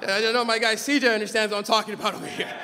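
A man from Los Angeles preaching a sermon from a church pulpit, swinging between loud shouted emphasis and relaxed, joking stories. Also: sits high, rapid-fire, a little hiss or hum. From Los Angeles, California. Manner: animated preaching, shouting for emphasis, humorous storytelling asides. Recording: long reverb of a church hall.

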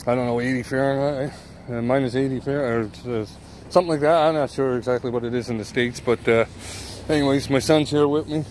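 A middle-aged man vlogging casually outdoors, rambling with lots of fillers and calling his viewers folks. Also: mid-range voice. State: out of breath. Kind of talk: casual vlog narration. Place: outdoors in snow. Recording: faint outdoor noise. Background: outdoor ambience, vehicle noise.

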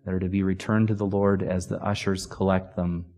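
A man preaching a sermon in a church, reading scripture slowly and dramatically and dropping to a hush at the close. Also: low-pitched, level tone. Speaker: pastor. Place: church sanctuary.

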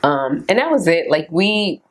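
A young woman vlogger telling a candid storytime about her dating life in a casual, animated way, acting out both sides of the conversation. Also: lowish voice, unhurried. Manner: candid and animated, quotes others in raised voice. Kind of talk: storytime vlog, casual chat.

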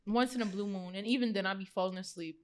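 A young woman guest on a podcast, casually telling a lively, slangy story and laughing as she goes. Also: medium pitch, fast talker. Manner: animated, slangy, laughs through her story.

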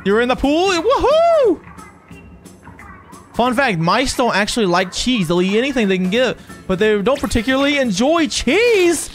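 A game streamer giving excitable, chatty live commentary on a match and talking to viewers in chat. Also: medium pitch, a little fast, few pauses. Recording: game music playing behind the voice.

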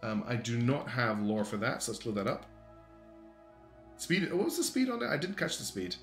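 A chatty man hosting a casual livestream, thinking out loud and often restarting his sentences. His voice sits at an ordinary pitch and sounds roomy, with faint guitar music playing underneath. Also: expressive, normal speed. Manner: chatty, thinks aloud with many ums and restarts. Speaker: streamer reviewing community game designs.

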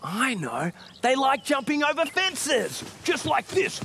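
A man presenting a children's show, animated and playful, making animal noises for young viewers. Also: very high-pitched, slow pace, gravelly, background noise.

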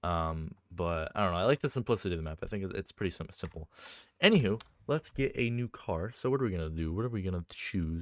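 A man with a somewhat low voice talks through a game he is playing in loose, casual commentary. He rambles, restarts his sentences and fills gaps with ums, and he gets easily excited. The sound is dry and close, with no room around it. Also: fast talker, dry recording. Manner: rambling and chatty, full of fillers and restarts. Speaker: game map creator and video creator.

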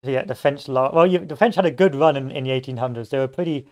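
A man's voice: mid-range voice, fast, a little mellow. Guy chatting over a strategy game, wanders into history rants and jokes. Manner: rambling history tangents with joking asides. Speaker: gameplay commentator. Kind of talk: casual let's-play commentary.

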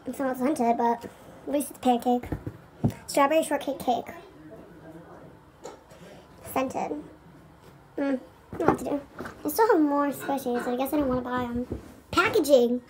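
A careless, lazy girl squishy seller, played by a woman who mutters to herself and shrugs off every mistake. Her voice sits very high. She talks in an offhand, couldn't-care-less way. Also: normal speed, pauses often, darkish tone, slight background noise.

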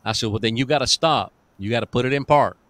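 A man's voice: mid-range voice, quick pace, a bit bright, no room sound. A male pastor telling deliverance stories in a folksy, emphatic preaching manner, chuckling now and then.

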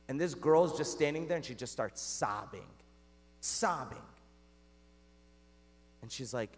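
A man delivers a homily from the pulpit in a high voice that swoops up and down with animated energy. He keeps it conversational, asking the congregation questions and calling them "guys." A long church reverb trails behind every phrase. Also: moderate pace, pauses often. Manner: conversational, talks straight to the congregation with rhetorical questions. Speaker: Catholic priest. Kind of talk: sermon.

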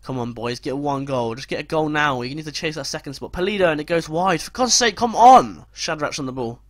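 A young man narrating his football management game as play-by-play commentary, breaking into loud, swearing outbursts. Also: on the high side, quick pace, no room sound. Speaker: gaming commentator.

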